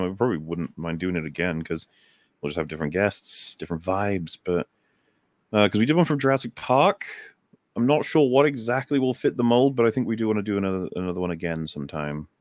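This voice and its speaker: A laid-back man with a fairly low voice talks casually as a stream co-host. His voice sounds dry and close, with no room echo. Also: quick pace. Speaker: livestream co-host. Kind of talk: casual chat.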